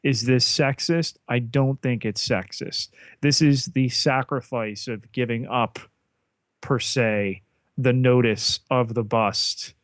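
A man co-hosting a podcast, recapping a TV episode in a measured way with frequent fillers. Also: medium pitch, steady tone, no room sound. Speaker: podcast co-host.

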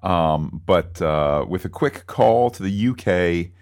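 A man's voice: deep voice, lively intonation, slow, darkish tone. A man co-hosting a podcast, recapping a TV episode in a wry, wordy, playful way. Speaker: podcast co-host.

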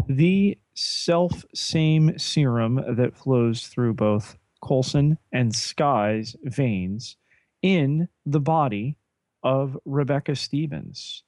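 A man's voice: mid-range voice, darkish tone, no room sound. A man co-hosting a podcast, casually walking through a TV episode's plot with frequent ums and uhs. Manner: unhurried plot summarizing with fillers. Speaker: podcast co-host.

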